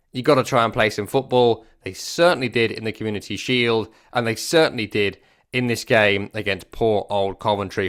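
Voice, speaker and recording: A man's voice: on the low side, fairly bright tone. A man hosting a football podcast, giving a casual, wry match review and repeating phrases for emphasis. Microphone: works regularly on a microphone.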